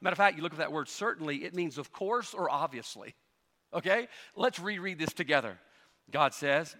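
A man preaching from a church pulpit with a high, bright, ringing voice. His delivery is animated and emphatic, jumping from loud exclamations to soft, drawn-out asides. The sound carries a long reverb from the hall. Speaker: pastor. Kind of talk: sermon.

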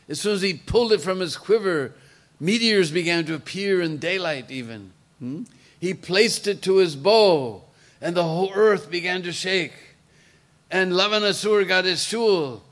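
Animated man telling a sacred tale. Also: fairly high pitch. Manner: animated, chatty asides to listeners, chuckling. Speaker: storyteller. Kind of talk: devotional storytelling talk.

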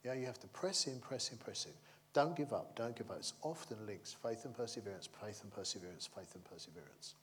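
A man's voice: lowish voice, fairly quick, slight background noise. A man preaching a sermon in a chatty, humorous way, checking in with the congregation and acting out the figures in his stories. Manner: conversational, keeps asking the congregation "yeah?"; acts out the crowd and characters in the stories.

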